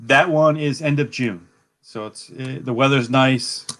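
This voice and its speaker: An easygoing man talks about the events he organizes in a casual video-call chat. He halts often and fills pauses with "um" and "you know", in a mid-range voice. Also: medium pitch, a bit bright. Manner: easygoing, halting, many fillers.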